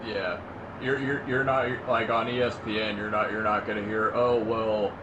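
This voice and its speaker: A man's voice: on the low side, fairly even intonation, moderate pace, pushed and bright, lo-fi sound. A man co-hosting a casual podcast chat, hesitant and rambling, full of fillers. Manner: hesitant, many fillers and restarts. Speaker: podcast co-host. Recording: audible background noise.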